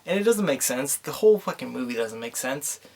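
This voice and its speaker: A man's voice: medium pitch, very animated, fairly quick, vocal fry, a little mellow. A tipsy young man vlogging a crude, rambling movie recap, swearing freely and losing his thread. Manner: rambling, crude, loose and meandering. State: tipsy from drinking. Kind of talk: profane casual movie recap.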